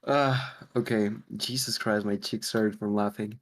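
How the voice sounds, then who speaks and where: Halting, easy-laughing male co-caster. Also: fairly low pitch, steady tone. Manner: halting with frequent fillers, laughing easily. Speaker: esports co-caster. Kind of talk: esports commentary. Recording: faint music behind the voice.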